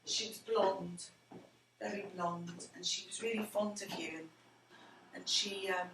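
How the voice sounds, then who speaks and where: A woman's voice: mid-range voice, fairly even intonation, unhurried. A middle-aged woman, earnestly recounting personal stories to her grown son and often dropping to a near whisper. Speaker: interviewee, mother of the interviewer. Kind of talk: personal storytelling in conversation. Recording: roomy with faint background noise.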